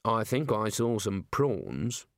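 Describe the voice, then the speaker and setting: A man voicing a timid male wizard who talks nervously and slowly. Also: mid-range voice, fairly even intonation, darkish tone, dry recording, clean studio sound, natural voice. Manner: nervous, slow.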